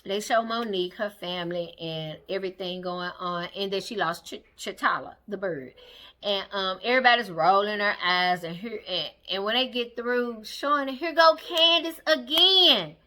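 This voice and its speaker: A woman speaking AAVE gives a blunt, sassy casual recap of a reality show, acting out the cast in quick quotes. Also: medium pitch, sharp tone.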